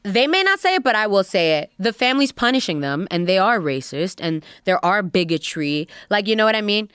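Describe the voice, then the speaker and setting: A woman's voice: mid-range voice, big pitch swings, fairly quick, a bit bright, clear, resonant tone, no room sound, studio quality. A woman co-hosting a podcast in casual chat, passionate and emphatic, with playful asides. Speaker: podcast co-host.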